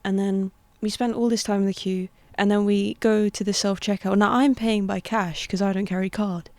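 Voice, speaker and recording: A woman's voice: mid-range voice, fairly even intonation, moderate pace, a little mellow, no room sound. A young woman, co-hosting a podcast and chatting casually, often hedging with "like". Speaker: podcast co-host. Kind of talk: casual storytelling chat.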